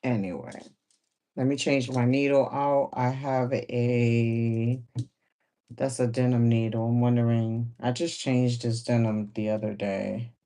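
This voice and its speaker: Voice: medium pitch, level tone, measured pace, mellow. A sewing livestream host chatting casually while working, laughing often and repeating phrases.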